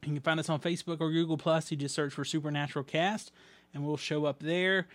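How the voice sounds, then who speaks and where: A man's voice: on the high side, steady tone, fast, a bit bright, no room sound. A man hosting a podcast in a casual, rambling way with many ums and restarts, reading out listener mail. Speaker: podcast host.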